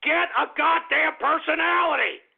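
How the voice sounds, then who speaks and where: A man's voice: very high-pitched, moderate pace, gravelly. A man hosting talk radio, ranting, profane and repetitive as he berates his listeners. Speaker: radio host. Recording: phone-like talk radio audio.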